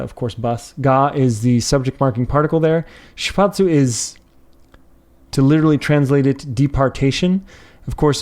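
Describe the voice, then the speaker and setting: A man giving a casual grammar lesson, explaining word by word in a relaxed way with many fillers and restarts. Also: medium pitch. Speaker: language teacher.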